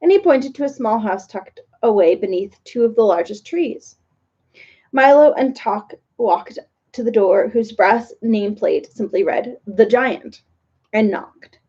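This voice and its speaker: A woman reading a children's story aloud with lively, playful narration. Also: on the high side, unhurried, slightly rough. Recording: dull lo-fi recording.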